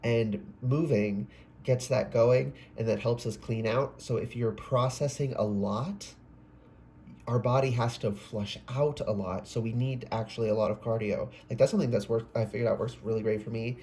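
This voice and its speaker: Man, mid pitch, tarot reader; loose, digressive delivery with sudden exclamations, faint hiss underneath. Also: darkish tone. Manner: rambling, self-interrupting, swears and exclaims. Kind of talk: casual spoken tarot reading.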